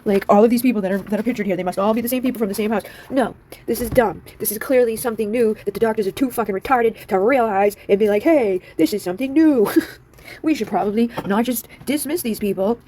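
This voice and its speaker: Young woman, casual vlog rant, exasperated, swears a lot, mellow dark tone, quick delivery. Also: fairly high pitch, a little hiss or hum. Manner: exasperated, swears often, laughs between lines.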